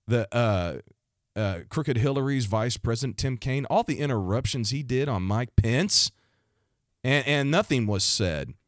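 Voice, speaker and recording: A man delivering fervent, preachy commentary, repeating himself and building to loud outbursts. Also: mid-range voice, dry recording, clean studio sound. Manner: fervent, repetitive, with restarts and rising outbursts. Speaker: Christian commentator.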